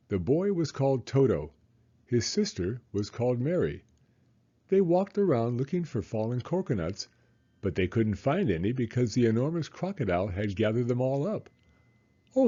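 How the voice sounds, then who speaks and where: A man reading a children's storybook aloud in an expressive, dramatic way. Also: mid-range voice, normal speed, slightly rough, dull audio.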